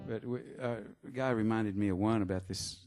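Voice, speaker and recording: A man, a singer-songwriter, chatting between songs at a live show in a halting, rambling way with many fillers. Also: fairly low pitch, steady tone. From Texas. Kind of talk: stage banter between songs. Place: live music venue. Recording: live concert with guitar playing. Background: guitar music.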